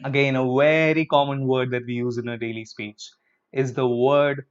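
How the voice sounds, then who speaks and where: In a dull lo-fi recording, a man with an Indian English accent runs a live pronunciation lesson in English. His medium-pitched voice is steady, clear and resonant at normal speed. He breaks words into syllables, has students repeat each with him, and slips in Hindi words like "chalo."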